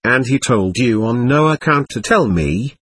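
A gentle, devout young man, soft and hesitant with his troubled brother, read by a man narrating an audiobook. The voice is husky and dry, with a lively pitch. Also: measured pace, no room sound. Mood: anxious. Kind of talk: audiobook reading.

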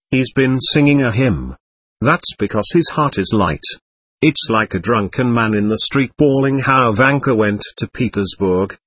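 A man plays a feverish young man in a courtroom storybook scene, raving in slow, brooding rambles. The voice is husky and rises and falls a great deal, set against a dry, close sound. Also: medium pitch, fairly bright tone, no room sound.

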